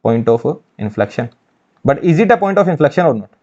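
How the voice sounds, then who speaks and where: Indian guy teaching math, asks then answers himself, repeats stuff, kinda high pitched, dull audio. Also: big pitch swings, fast talker, mellow. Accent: Indian English. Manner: asks questions and answers them himself, repeats key phrases. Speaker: engineering mathematics teacher. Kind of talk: online exam-prep lecture.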